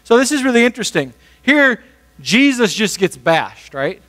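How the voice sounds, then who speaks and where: A man preaching a sermon as pastor, talking conversationally and briefly acting out the people in the story. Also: sits high. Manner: conversational, animated, acts out quick voices.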